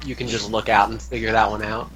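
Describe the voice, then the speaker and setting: A man's voice: lowish voice, little pitch movement, fast talker, a crowd in the background. A man playing a tabletop game, joking around between turns. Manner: jokey, laughing. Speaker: player.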